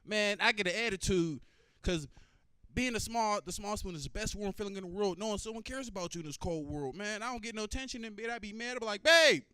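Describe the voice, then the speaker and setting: A man doing a profane, loose stand-up comedy set and chatting with the crowd. His voice is fairly high and smooth. The sound is close and dry. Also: fast talker, fairly bright tone, dry recording.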